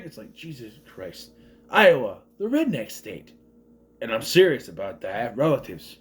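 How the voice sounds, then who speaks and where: A man's voice: medium pitch, big pitch swings, moderate pace. A man from southern Minnesota giving a casual, rambling movie review with joking asides.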